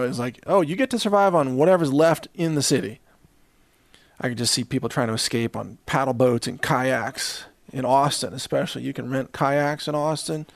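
A man's voice: medium pitch, no echo. A man from the Southern US hosting a ranting monologue, sarcastic and chuckling between jabs. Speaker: host.

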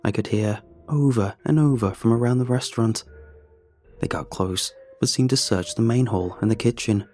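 Husky, mellow male storyteller, measured and steady, faint music behind. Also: mid-range voice. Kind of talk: first-person story narration.

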